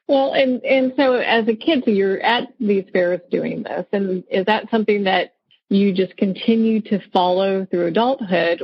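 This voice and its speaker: Woman interviewer, breathy voice, affirming tone, close dry sound, muffled. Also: medium pitch, dry recording. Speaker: interview host. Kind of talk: casual interview.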